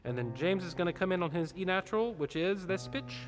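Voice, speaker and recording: A man's voice: sits high, expressive, a little fast, soft background music. A man directing a choir rehearsal, explaining parts and singing short demonstrations between instructions. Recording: reverberant room with instrument behind.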